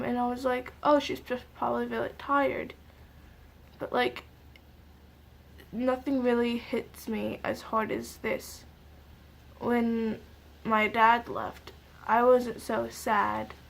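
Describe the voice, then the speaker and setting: A young woman vlogger tearfully retelling a sad personal story in a halting way, with many fillers and pauses. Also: a little high, gravelly. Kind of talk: emotional storytime vlog.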